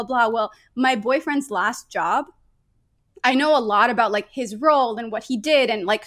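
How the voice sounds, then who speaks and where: Lively, swearing woman laughing often. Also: on the high side. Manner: animated, frequent laughter and casual swearing. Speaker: painter guest. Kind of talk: casual podcast conversation.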